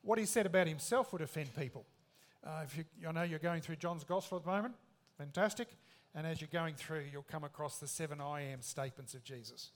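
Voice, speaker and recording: A man's voice: fairly high pitch, a little fast. A man preaching a sermon in an emphatic, conversational way, with rhetorical questions.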